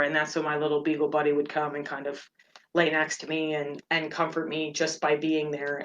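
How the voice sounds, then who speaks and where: A woman hosting a meditation podcast, talking about personal matters in earnest, halting phrases. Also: deep voice, fairly bright tone. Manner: earnest and open, speaks in halting phrases with fillers. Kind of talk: personal reflective talk.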